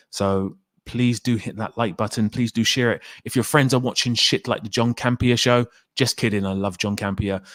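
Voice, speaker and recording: A man hosting a casual live stream, reading out viewer comments in a lively, excitable way and swearing freely. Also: fairly low pitch, no room sound, clean studio sound.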